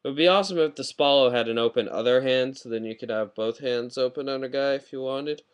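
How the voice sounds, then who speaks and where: A man talking through a model kit review in a casual, rambling way, getting excited and often correcting himself mid-sentence, recorded on a webcam mic. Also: mid-range voice, fast, clean tone, poor audio.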